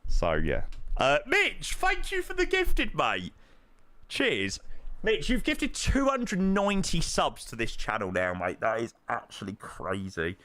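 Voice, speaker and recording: A man chatting casually to his live-stream viewers as he plays, thanking supporters and reacting loudly to his own guesses. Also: a little high, unhurried, dry recording. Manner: excitable, swings between muttering and loud outbursts. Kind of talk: casual live-stream chat while playing.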